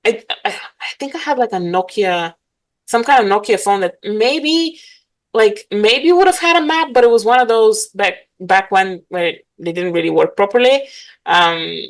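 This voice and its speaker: A woman chats as a podcast guest. Her speech bubbles along, full of little fillers and easy laughter. Her pitch sits at an ordinary middle height for a woman. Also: normal speed, poor audio. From Bulgaria. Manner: animated, laughs often, many fillers. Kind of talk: casual interview chat.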